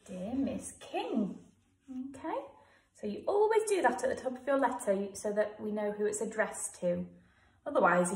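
A primary school teacher with an English accent leads young pupils through a writing task. Her voice comes from a distance, caught by a camera set back in a roomy, echoing space. She goes slowly and patiently, sounding out each word. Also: mid-range voice, darkish tone. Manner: slow, sounds words out letter by letter. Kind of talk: home-learning writing lesson for young children. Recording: echoey room, voice from a distance.

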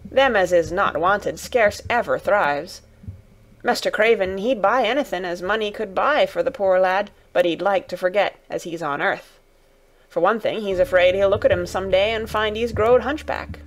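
A woman's voice: medium pitch, normal speed, natural voice. Dickon, a woman doing a farm boy. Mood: earnest. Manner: broad dialect, warm and coaxing. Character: Yorkshire farm boy, gentle and earnest.

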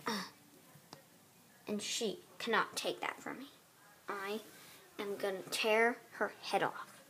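A woman's voice: mid-range voice, slow pace, pauses often, fairly bright tone. A woman voicing all the characters of a homemade doll drama, switching between girlish voices with giggles and whispers. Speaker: doll video voice performer.

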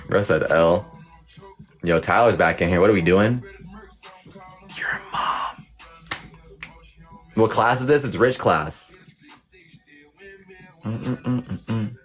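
Deep-voiced young man teasing his chat. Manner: teasing, profane, quick verdicts. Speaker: livestream host. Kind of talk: playful mock teacher reading live chat.

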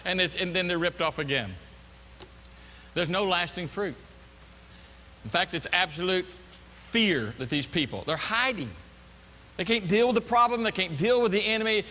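A man preaching a sermon as pastor, animated and acting out the voices of the people he quotes, in a church sanctuary. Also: high-pitched, long reverb tail.

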